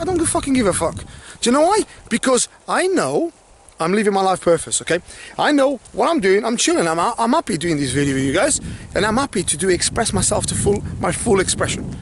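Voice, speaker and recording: Animated, blunt motivational male coach. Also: sits high, slight background noise. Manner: blunt and swearing, animated, repeats okay; mimics others' worried thoughts in asides. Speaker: life coach. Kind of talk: motivational talk to camera.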